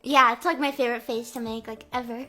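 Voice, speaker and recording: A young woman streaming live with a high, bright voice full of likes and ums. She jokes and giggles her way through casual chat. Soft music plays faintly underneath. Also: steady tone, quick pace. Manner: playful, giggly, valley-girl fillers.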